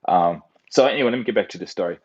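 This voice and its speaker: Rambling American man, low and muffled. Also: racing, slightly rough. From United States. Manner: meandering, talks through loose trains of thought with many fillers. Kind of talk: rambling monologue. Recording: dull lo-fi recording.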